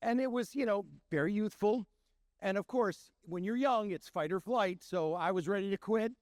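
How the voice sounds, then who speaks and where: A middle-aged man, a chef and restaurant owner, telling stories in an animated way and acting out the voices of the people he quotes. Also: sits high, normal speed, dry recording, clean studio sound. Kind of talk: storytelling talk.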